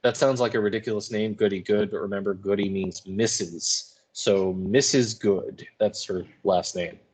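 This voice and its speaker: A man's voice: fairly low pitch, steady tone, darkish tone, breathy edge. A male student giving informal, explanatory commentary on a play he reads aloud for class. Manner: informal, explanatory, quick asides. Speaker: student reader. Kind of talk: casual literary commentary.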